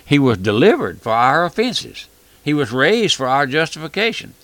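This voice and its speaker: A man's voice: on the high side, sing-song, moderate pace, fairly bright tone, no room sound. A man preaching a folksy radio sermon, emphatic and full of rhetorical questions.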